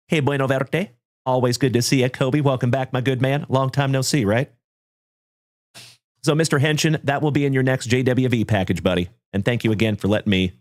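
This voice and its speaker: A man hosting a sports card livestream, chatting casually and greeting viewers by name in a folksy, upbeat way. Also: medium pitch. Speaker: card break livestream host.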